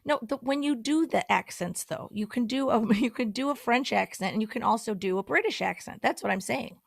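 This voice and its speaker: A young American woman chatting as a guest, her voice pitched a bit high. She sounds eager and generous with praise, and the recording is dry and close with no room around it. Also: brisk, vocal fry, no room sound. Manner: enthusiastic, complimentary, laughs easily. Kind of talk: casual livestream chat.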